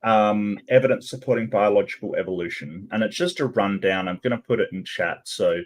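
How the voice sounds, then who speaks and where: A man with an English accent hosts a loose group chat, rambling and conversational. His voice sits somewhat low. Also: brisk. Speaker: host.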